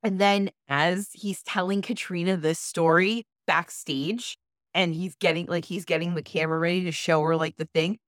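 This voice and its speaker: A woman with a low voice tells a ghost story in an animated, casual way and swears freely. The sound is dry and close. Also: normal speed, dry recording. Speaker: podcast co-host. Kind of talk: casual chat.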